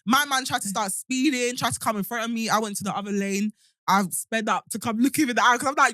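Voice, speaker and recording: Young woman, podcast co-host, swears freely, fairly high voice, dry close mic. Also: fast talker, no room sound. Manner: animated storytelling, swears freely, acts out shouting. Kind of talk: casual chat.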